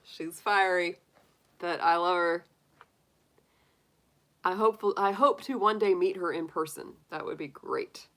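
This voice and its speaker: A woman's voice: lowish voice, measured pace, pauses often, a bit bright, rough recording. A woman hosting a tarot live stream, chatting casually with viewers, laughing often and acting out little quotes.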